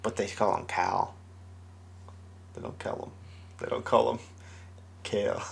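A man's voice: on the low side, fairly even intonation, unhurried, creaky, a little hiss or hum. A man co-hosting a casual podcast chat, laughing often and hesitating with fillers. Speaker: podcast co-host.

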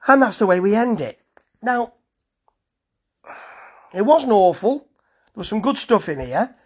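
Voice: mid-range voice, big pitch swings, a little slow. A reviewer casually running through a wrestling show, dropping dry, sardonic asides.

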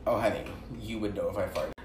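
A man chatting casually and telling animated stories while doing makeup with a friend. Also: low-pitched, fast talker. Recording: echoey room, distant mic, noisy background.

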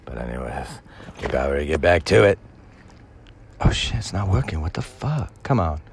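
A man's voice: a bass voice, very animated, fairly quick, vocal fry, husky. A man talking to his viewers in a casual, rambling way, full of crude and profane banter while he gets music playing.

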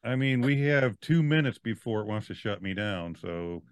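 A man's voice: fairly low pitch, lively intonation, normal speed, clean tone, dry recording. A man hosting a podcast in casual chat, jokey and goofy. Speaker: podcast host.

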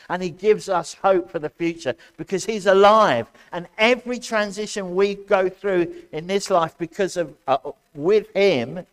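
A man preaching a sermon as pastor to his church, loud and impassioned, asking his congregation questions as he goes. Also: sits high. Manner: addresses congregation directly, asks questions.

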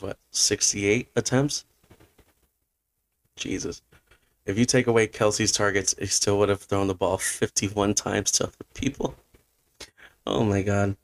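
A man's voice: fairly low pitch, dry recording. A man hosting a podcast, giving a blunt and opinionated fantasy football recap. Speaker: podcast host.

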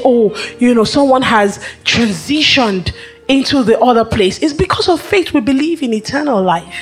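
A woman preacher delivers a sermon in a high voice. She builds rhythmic, repeated phrases and leans on emphatic pauses. Faint music plays underneath.

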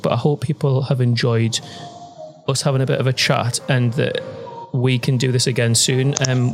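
Man, podcast host, casual chat, friendly and talkative, hesitant ums, gravelly, studio microphone. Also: mid-range voice. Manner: friendly, chatty, with frequent ums and restarts. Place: at home during lockdown.

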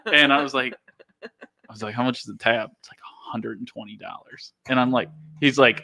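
A man's voice: medium pitch, steady tone, a little fast, gravelly, bright, forceful tone, dry recording. A young man telling an anecdote in a casual chat, laughing and acting out what people said. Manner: laughing storyteller, acts out quotes. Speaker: storyteller guest.

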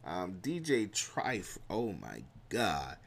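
A man with a Southern US country accent reading a history passage aloud and then chatting casually about his weekend, lively and slangy. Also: low-pitched, slow, gravelly. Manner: animated, drawls and trails off, slangy asides. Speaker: vlogger. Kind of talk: casual vlog talk with a read-aloud segment.

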